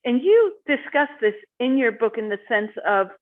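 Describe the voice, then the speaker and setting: A woman's voice: a little high, very animated, moderate pace. A woman interviewing a guest in a conversational, enthusiastic way. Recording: tinny phone-like line.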